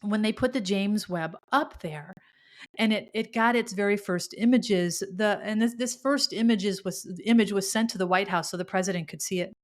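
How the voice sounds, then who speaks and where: Middle-aged woman, spiritual podcast host, earnest and heartfelt, mid-pitched voice. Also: normal speed. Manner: earnest and emotional, with frequent restarts. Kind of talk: spiritual monologue.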